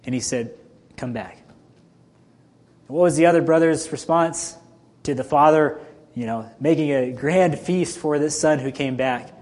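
A man's voice: on the high side, normal speed, darkish tone. A man preaching a sermon as a pastor, emphatic and full of rhetorical questions to his listeners.

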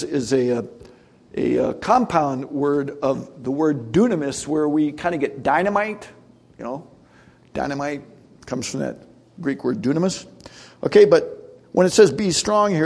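A man's voice: a little high, creaky, a little mellow. A middle-aged man giving a conversational sermon, full of asides and rhetorical questions to his listeners. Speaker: preacher.

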